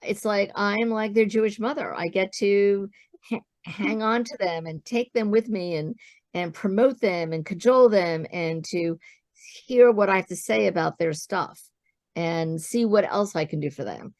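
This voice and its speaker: A woman guest in an interview, telling her own business story as an animated storyteller who acts out the dialogue she quotes. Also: mid-range voice, a little slow, no room sound, clean studio sound.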